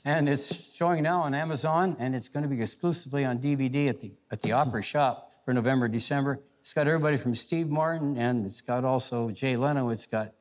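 A man telling stand-up jokes on a stage with quick punchlines. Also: mid-range voice, darkish tone. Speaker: stand-up comedian. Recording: long hall reverb.

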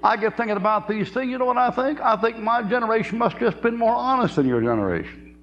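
Very high-pitched, animated and fast, a man in his seventies preaches a folksy sermon. He spins stories, laughs often and drawls his asides. Faint hum and dull lo-fi tape color the audio.

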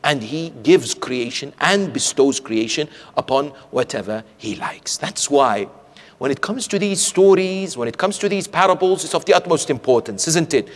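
A man's voice: a little high, animated, moderate pace. A man giving a sermon from the pulpit, telling stories and often asking rhetorical questions of the audience. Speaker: sheikh preaching. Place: community centre hall, from the pulpit. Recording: long hall reverb.

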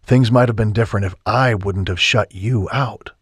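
An earnest, remorseful young man from a romance audiobook, voiced by a male narrator close to his own voice. Low and husky, with emphatic lines and dry, close-miked sound. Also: normal speed, no echo.

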